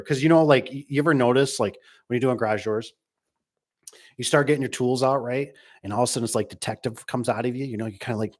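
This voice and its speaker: A man's voice: mid-range voice, fast. Middle-aged male business owner, loose rambling monologue, drops into quoted voices. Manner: rambling, acts out quoted people. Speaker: garage door business owner. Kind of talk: casual monologue reading comments.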